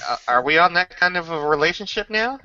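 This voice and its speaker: Man, tabletop player, wry jokes, bright tone, lo-fi recording. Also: high voice, lively intonation, fast talker. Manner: joking, wry. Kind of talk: casual game chat. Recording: dull lo-fi recording.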